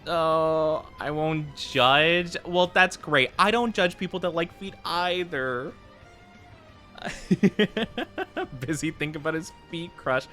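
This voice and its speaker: A man's voice: high-pitched, slow, fairly bright tone, faint music behind. A man streaming as a VTuber, chatting playfully with his viewers and laughing easily. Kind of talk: casual live-stream chat with viewers.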